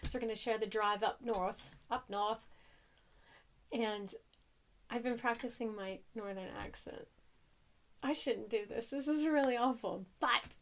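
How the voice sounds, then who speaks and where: A woman's voice: on the high side, steady tone, measured pace, long pauses. An American woman, a young adult, chatting casually and rambling a bit as a crochet podcaster, cheerfully self-deprecating. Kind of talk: casual chat.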